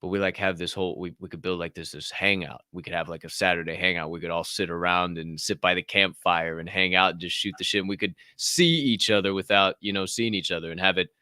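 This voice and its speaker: A man co-hosting a casual podcast, telling stories in a loud, profane, animated way. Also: sits low, quick pace, hardly any pauses, dry recording, clean studio sound. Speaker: podcast co-host.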